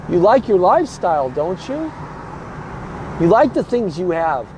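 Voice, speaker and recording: Show host, male, fired-up political commentator, combative and emphatic, voice sitting high, loud traffic behind. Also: big pitch swings, moderate pace. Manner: emphatic, hammering rhetorical questions; blunt and combative.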